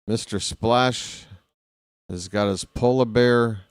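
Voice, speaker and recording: A man's voice: medium pitch, fairly even intonation, slow pace, clear, resonant tone, no echo, studio quality. A man calling a baseball game live as a fan play-by-play host, rooting openly for his team in a chatty way. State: hiccups.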